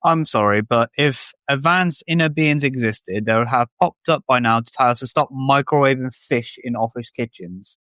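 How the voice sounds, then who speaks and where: A man with a smooth, resonant voice delivers deadpan, sarcastic one-liners. His pitch is mid-range and the sound is dry and close. He plays the comedic foil in podcast banter. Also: moderate pace, few pauses, dry recording. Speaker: podcast co-host.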